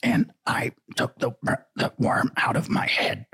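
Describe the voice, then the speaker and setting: A man's voice: measured pace, a bit bright, no echo, clean studio sound, close to an everyday voice. A man doing a strained, whispery old politician. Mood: rambling. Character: impression of a raspy strained-voiced male politician.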